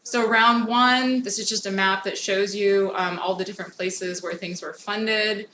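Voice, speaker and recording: At a conference hall, a woman who speaks for a federal grants program gives a brisk, informal talk on grant programs, frequently saying "um." Her mid-range voice is bright and forceful with fairly even intonation, and the echoey room carries faint noise.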